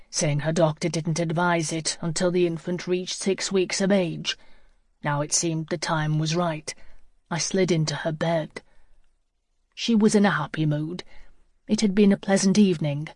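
An audiobook narrator reading a first-person novel in a measured, reflective way. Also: mid-range voice, darkish tone, no room sound, clean studio sound.

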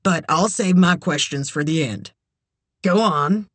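A narrator voicing a self-assured male con man in an audiobook, with a low, drawling, easygoing manner. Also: measured pace, a bit bright, dry recording. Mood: coaxing.

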